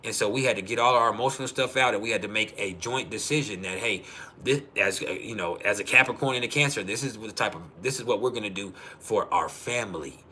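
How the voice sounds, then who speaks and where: A man's voice: lowish voice, quick pace, bright, forceful tone, slight background noise. A man talking casually on a livestream, swearing freely and laughing often as he tells stories. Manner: profane, laughing storyteller. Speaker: livestream host.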